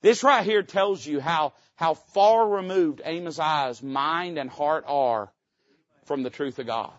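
A man's voice: on the high side, takes it slowly, no echo. Male preacher, folksy and joking, punchy emphatic rises, muffled lo-fi recording. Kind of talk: sermon.

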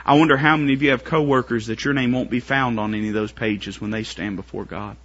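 A man preaching a sermon to his congregation, building up to shouted, strained pleading climaxes. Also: medium pitch, steady tone, quick pace, muffled recording.

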